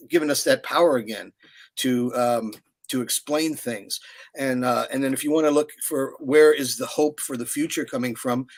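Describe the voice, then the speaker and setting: Guy in his 60s chatting away about his work, lots of uhs and restarts, animated storyteller. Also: medium pitch. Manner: rambling, animated storyteller with many fillers. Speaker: puppeteer guest. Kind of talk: casual interview chat.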